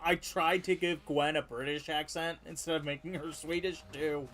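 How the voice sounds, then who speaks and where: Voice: medium pitch, steady tone, normal speed, fairly bright tone, faint music behind. A game streamer chatting casually while playing, rambling and laughing, often cutting off mid-word. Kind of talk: casual gameplay chat.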